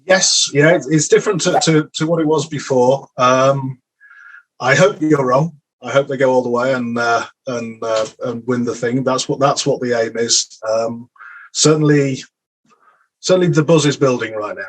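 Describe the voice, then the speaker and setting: A man's voice: medium pitch, normal speed, rough recording. An English man as an interview guest, speaking hesitantly with frequent restarts and repeated words. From England. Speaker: guest sports journalist. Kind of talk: casual interview.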